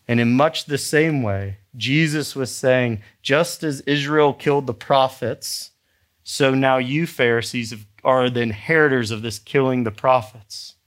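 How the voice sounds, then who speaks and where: A male pastor preaching a sermon, animated and emphatic, acting out the people in his story. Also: medium pitch, unhurried. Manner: animated, acts out characters, rising to emphatic exhortation.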